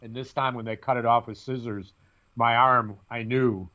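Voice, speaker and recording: A man's voice: medium pitch, fairly even intonation, normal speed, bright, forceful tone. Guy cohosting a chat podcast, wry jokey storyteller, kinda dull lo-fi audio. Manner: wry, self-mocking storyteller. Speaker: podcast co-host. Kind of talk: casual chat.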